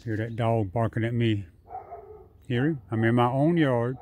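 A man's voice: moderate pace, a little mellow, a little hiss or hum. A man, filming a casual vlog in his yard on his phone and coaxing squirrels to come eat. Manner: coaxing, rising higher when calling the animals. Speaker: vlogger. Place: his own yard, outdoors. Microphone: phone camera.

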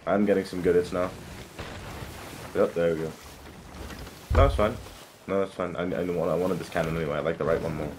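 Excitable young man, gaming over loud noise. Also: low-pitched. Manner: excitable, swears often, quick bursts of shouting. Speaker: game streamer. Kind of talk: casual gameplay chat with teammates. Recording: game sounds of boat and water behind voice.

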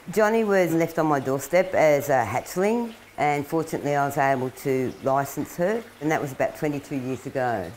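Middle-aged woman, very low voice, chatty, candid, documentary interview. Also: lively intonation, moderate pace, hardly any pauses, a little mellow, a little hiss or hum, poor audio. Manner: chatty and candid, often laughing. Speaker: wildlife carer.

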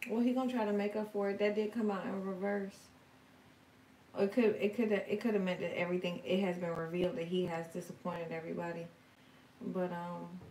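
A woman's voice: medium pitch, a little mellow, slight background noise. A woman hosting a casual tarot live stream, reading viewer comments aloud and answering them in a frank, slangy way. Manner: frank and slangy, swears now and then. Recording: roomy, distant from the mic, faint ambience.

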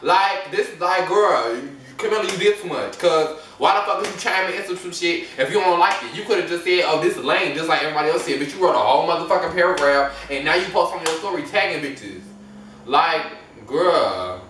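A man's voice: a little high, lively intonation, brisk, a bit bright, distant mic, a little hiss or hum. A man giving blunt, profane, exasperated reaction commentary in a vlog. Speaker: commentary vlogger. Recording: echoey room, voice off-mic.

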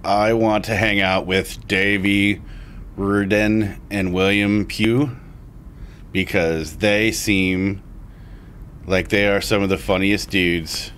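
A young man giving let's play commentary, with loud, reactive outbursts. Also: low voice, steady tone, slow, slight background noise. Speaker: gaming YouTuber.

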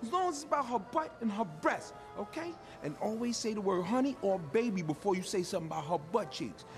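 A man's voice: high voice, fast, faint music behind. An actor playing a brash, crude streetwise man who coaches his friend on women in a comedy film. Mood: boastful. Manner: boastful, crude, loud and animated. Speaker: film character.

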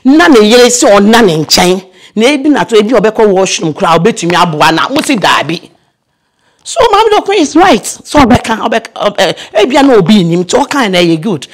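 An older veteran actress from Ghana, telling lively stories in a casual interview. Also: female voice, mid-range voice, a little fast. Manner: lively storyteller, mixes in English phrases.

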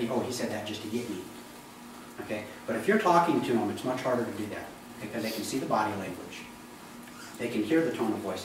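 A man's voice: mid-range voice, noisy background. A man preaching a sermon as pastor of a church, talking in a conversational way and often asking the congregation questions. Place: church sanctuary. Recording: echoey church hall, mic from a distance.

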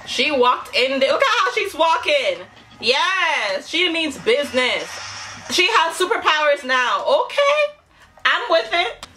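A woman hosting a reaction video, excitable and slangy, laughing often as she comments on a music video. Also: high-pitched, measured pace, poor audio. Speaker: YouTube reaction host.

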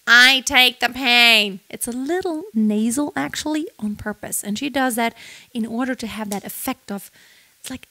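A woman's voice: fairly high pitch, no room sound. A young woman teaching singing technique in a lesson, explaining points and singing short phrases to demonstrate them. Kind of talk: vocal lesson with sung demonstrations.

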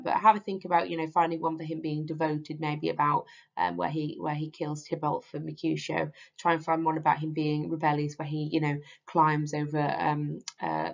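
A woman's voice: deep voice, vocal fry. A woman teaching a literature lesson in a casual, hesitant way, with many ums and restarts. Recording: slightly dull lo-fi audio.

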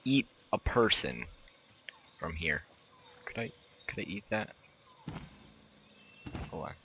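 A man's voice: low voice, very animated, takes it slowly, a little hiss or hum. A young man giving playful, rambling commentary while playing a game. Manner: playful, rambling, bursts into loud shouts. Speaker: gameplay commentator. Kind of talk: casual gameplay commentary.

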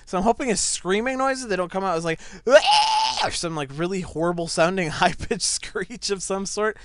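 A young man commentating his own gameplay, excitable, breaking into yelps and laughter, on a desk mic set back a little. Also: high voice, fairly quick, dry recording. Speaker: gaming channel host. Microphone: desk microphone set back a little.

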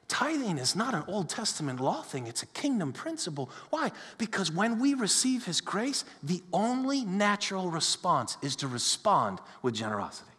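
Animated high-voiced preacher in a hall. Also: male voice, normal speed, few pauses, husky. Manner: animated storytelling, acts out quoted voices. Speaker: pastor. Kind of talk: sermon. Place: church sanctuary.

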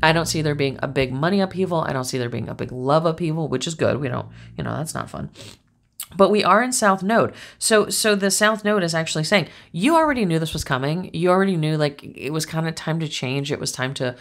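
A woman's voice: deep voice, fairly quick, gravelly. A woman giving a casual, chatty tarot and astrology reading, rambling through stories with lots of fillers. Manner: chatty, rambling, animated storytelling.

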